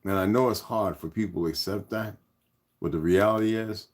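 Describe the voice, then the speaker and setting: A man with a low voice talks fairly quickly on his own channel, rambling loosely and addressing his viewers as "y'all" in casual vlog fashion.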